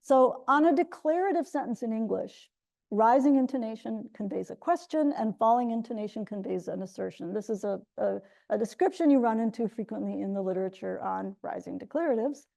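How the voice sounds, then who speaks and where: A middle-aged woman delivers an academic lecture in a measured, explanatory way. Her voice sits a little high but sounds mellow, with a gravelly fry running through it. She often restarts and corrects herself mid-sentence. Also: animated. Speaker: linguistics researcher giving a colloquium talk. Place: lecture room.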